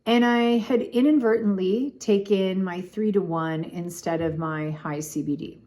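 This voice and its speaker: Woman, middle-aged, casual vlog storytelling, chatty, animated. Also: medium pitch, a little slow. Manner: chatty, animated, lots of "like" and "oh my gosh". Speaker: vlogger.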